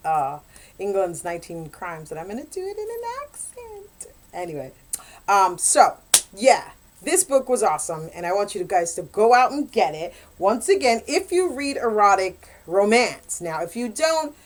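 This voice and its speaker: A woman's voice: medium pitch, unhurried, slight background noise. Chatty, laughing woman reviewing a book. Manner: animated, chatty, laughs often. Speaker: book reviewer and romance author. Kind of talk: casual book review chat.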